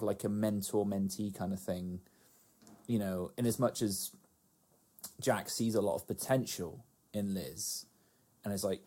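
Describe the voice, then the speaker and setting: A man chatting casually about a TV series, agreeable and quick to laugh. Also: fairly low pitch, warm tone. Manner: agreeable, laughs often, trails into asides. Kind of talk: casual chat about a TV show.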